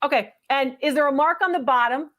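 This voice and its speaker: A woman's voice: high voice, fairly quick, fairly bright tone. A middle-aged woman hosting a live call-in antiques appraisal show, upbeat and chatty.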